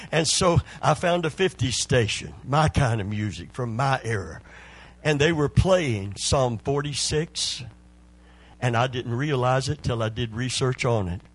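Husky older man preaching a sermon. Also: medium pitch, measured pace, poor audio. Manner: preaching with repetitions, sung phrases and rising fervor. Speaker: pastor.

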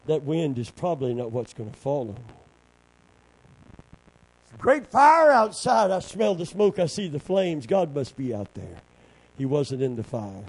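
A man's voice: medium pitch, mellow, rough recording. Fervent male preacher calling for amens. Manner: fervent call-and-response. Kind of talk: sermon.

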